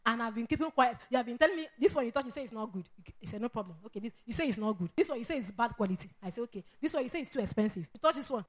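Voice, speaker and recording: Animated woman preaching. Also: on the high side, very fast, few pauses. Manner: animated, acts out quoted voices, laughs often. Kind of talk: sermon.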